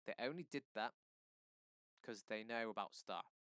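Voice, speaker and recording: Give me a man doing a defiant neighbor from a storybook, blunt and indignant, with a clear voice. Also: fairly low pitch, unhurried, a bit bright, no room sound, clean studio sound.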